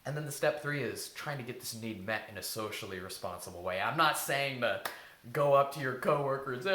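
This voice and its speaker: A man's voice: mid-range voice, fairly quick, pushed and bright. A man giving casual, earnest self-help advice, informal and now and then swearing. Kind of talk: casual advice talk to camera. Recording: echoey room, faint hiss.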